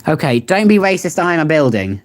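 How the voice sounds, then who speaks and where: In a sing-song, mid-range voice at a fairly quick pace, a young adult streamer chats casually, reading search results aloud and laughing and rambling about them. There's a little hiss or hum.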